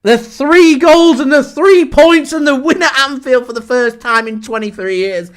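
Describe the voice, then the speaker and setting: High-voiced man calling a match live. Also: measured pace, smooth. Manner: excitable, shouts and laughs in disbelief at big moments. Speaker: football fan channel host. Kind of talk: live match watchalong commentary.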